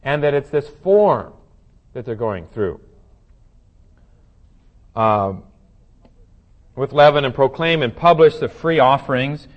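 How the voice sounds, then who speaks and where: A man teaching scripture to a class, talking it through in a relaxed way with plenty of "uh"s and restarts. His pitch sits in the middle range. The recording is dull and lo-fi. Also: slow, long pauses. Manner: conversational, thinking aloud with frequent fillers and restarts. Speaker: Bible study teacher. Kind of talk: verse-by-verse Bible study teaching.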